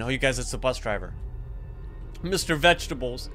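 A young man giving excitable, chatty gameplay commentary and talking straight to his viewers. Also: mid-range voice, fairly quick, faint music behind. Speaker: gaming YouTuber.

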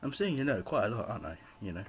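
Young man, home vlog rant, rambling and apologetic, low-ish voice, faint room hiss. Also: lively intonation, racing, gravelly. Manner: rambling, apologetic, full of "you know" fillers. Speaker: vlogger.

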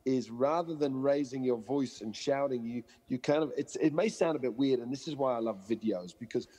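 A man guesting on a podcast as a dog trainer, his voice husky and a little breathy. He tells stories with energy, slipping into the voices of owners and dogs. The recording carries a long, hall-like reverb. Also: medium pitch, a little fast. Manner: animated storyteller acting out quoted voices. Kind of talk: conversational podcast interview.

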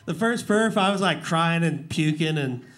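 Rodeo clown in his forties, high voice, rambling and quick to laugh, live before an audience. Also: expressive, fairly bright tone, a little hiss or hum. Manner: emotional, laughing, rambling storyteller. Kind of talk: casual talk-show storytelling.

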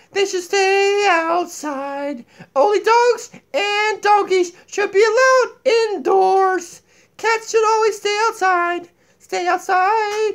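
A man's voice: very high-pitched, pitched above the performer's own voice. A man voicing a boastful, silly female donkey puppet who calls herself empress, talking in a bossy, rambling way, recorded on a tablet in a home kitchen. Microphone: tablet built-in mic.

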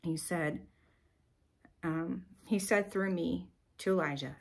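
A woman podcast host telling a personal story in a chatty, animated way, with sighs and filler words. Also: on the low side, takes it slowly, creaky, pauses often, slightly rough.

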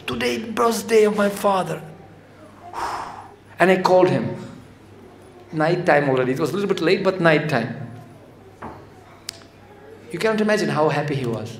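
High-voiced man giving a devotional lecture. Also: moderate pace, pauses often. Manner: conversational, animated, acts out quotes. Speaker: spiritual lecturer. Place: temple hall. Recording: echoey hall with faint noise.

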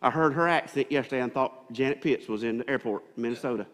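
A man's voice: medium pitch, fast talker, fairly bright tone. A man preaching a sermon as pastor, stumbling through restarts and building emphasis. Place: church sanctuary. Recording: long reverb of a church hall.

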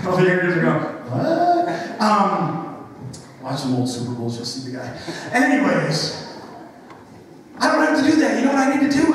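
Male youth pastor, high voice, animated storytelling sermon, heard from far off in a reverberant church hall. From western New York. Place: church sanctuary. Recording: echoey church hall from far off, faint noise.

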